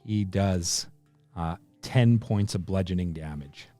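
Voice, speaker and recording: A man acting as game master in a tabletop game, calmly giving rulings and describing what happens. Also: low-pitched, takes it slowly, soft background music.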